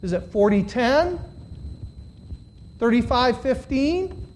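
A preacher giving a live sermon to a congregation of about fifty, dropping to quiet, low questions and then rising to loud, shouted emphasis, drawing out key words. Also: animated, moderate pace, slight background noise. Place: church hall with about fifty listeners.

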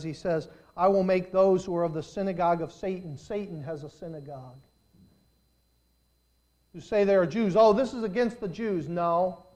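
A man preaching a sermon as pastor, swelling into loud, stretched-out emphasis and then dropping back to a conversational tone. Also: sits high. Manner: preaching with surges of volume and drawn-out emphasis.

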